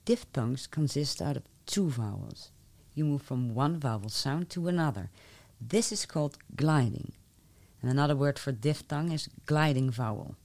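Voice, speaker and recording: A woman's voice: a bass voice, animated, moderate pace, darkish tone. A woman, a language teacher hosting an interview and explaining pronunciation patiently. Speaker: Dutch language teacher and host.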